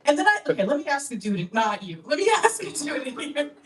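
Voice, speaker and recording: A woman's voice: high-pitched, very animated, brisk, distant mic, a little hiss or hum. A young woman from Canada doing a stand-up comedy set in a club, brash and teasing as she works the crowd. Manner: brash, teasing crowd work, lots of "okay?".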